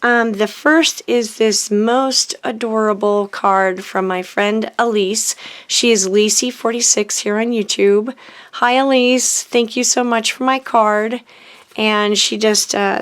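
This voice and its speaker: A woman's voice: on the high side, fairly bright tone. Middle-aged woman, casual craft-channel host, gushing, chatty, lots of ums. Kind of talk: casual happy-mail chat to camera.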